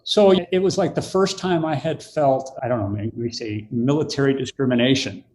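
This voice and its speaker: A man's voice: mid-range voice, normal speed, a little mellow. An older man, a podcast guest, telling a story in conversation and acting out the quoted voices.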